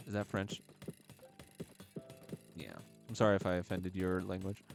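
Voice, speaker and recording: Guy streaming a game, kinda low voice, chatty and jokey, trips over words reading stuff, faint music behind. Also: little pitch movement, measured pace, creaky, pauses often. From United States. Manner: chatty, joking, fumbles while reading aloud. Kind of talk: casual chat while gaming. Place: at home, gaming live.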